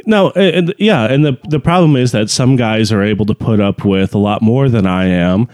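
A man's voice: on the low side, normal speed, a little mellow, dry recording, clean studio sound. A man co-hosting a podcast in casual chat, blunt and laid-back, with lots of "you know" fillers. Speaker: podcast co-host.

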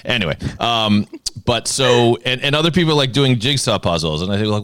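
A man's voice: mid-range voice, expressive, brisk, a bit bright, smooth, no room sound. A man with a Boston accent hosting a podcast, chatting in a jokey, rambling way with many restarts. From Boston area. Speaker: podcast host. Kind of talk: casual chat.

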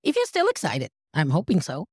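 A woman's voice: low voice, wildly swooping pitch, a little fast, a little mellow, breathy edge, no room sound, studio quality. A woman co-hosting a podcast, upbeat and welcoming as she leads the talk. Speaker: podcast co-host.

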